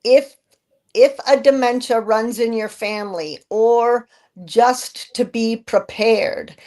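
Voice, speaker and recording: A woman guest expert on a video call, quick to laugh and talking in a hesitant way. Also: on the high side, darkish tone. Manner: laughs easily, hesitant with fillers. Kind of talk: casual chat on a live video stream.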